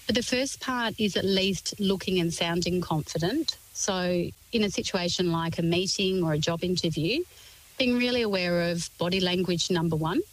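A woman's voice: fairly low pitch, normal speed, low-quality recording. Composed woman explaining. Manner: composed, articulate explaining in lists. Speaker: expert guest. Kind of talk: radio interview.

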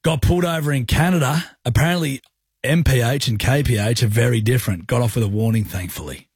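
A man co-hosting drive-time radio, cheeky and quick to laugh as he reads out listener stories. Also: medium pitch, husky, no echo. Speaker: radio co-host. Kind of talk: breakfast radio banter. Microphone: studio microphone.

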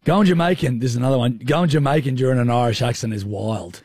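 Husky man, teasing radio host. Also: medium pitch, fast, few pauses, a little mellow, no echo, studio quality. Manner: teasing, laughing. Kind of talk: casual banter.

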